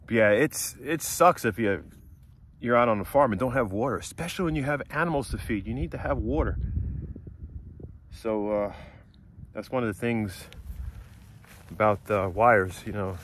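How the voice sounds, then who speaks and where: A man narrating a casual vlog outdoors on a farm, explaining things in a relaxed, rambling way with lots of fillers. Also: fairly low pitch, normal speed, long pauses, slight background noise. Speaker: vlogger visiting a friend's farm.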